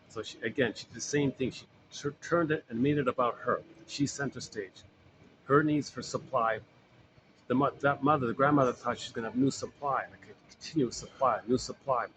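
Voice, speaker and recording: A man's voice: medium pitch, brisk, background noise. A man lecturing informally on psychology, rambling and repeating phrases with frequent fillers. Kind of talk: informal recorded talk.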